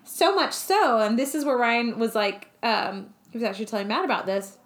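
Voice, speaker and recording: A young woman co-hosting a casual chat, telling animated stories and acting out the voices of people in them. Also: fairly high pitch, moderate pace. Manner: animated storyteller who acts out quoted voices. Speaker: podcast co-host.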